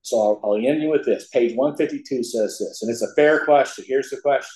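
A man's voice: medium pitch, a little fast, few pauses, a little mellow. An older man speaking to a recovery meeting, telling his story in a folksy, emphatic way. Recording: echoey hall.

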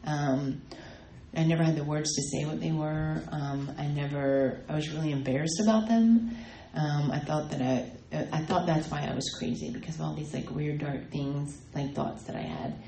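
A woman shares her recovery story in a halting way, stopping often for ums and fresh starts. Her voice sits low and warm, and it rings in an echoey room over faint background ambience. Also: steady tone, a little hiss or hum. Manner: halting, many ums and restarts. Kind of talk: personal testimony talk.

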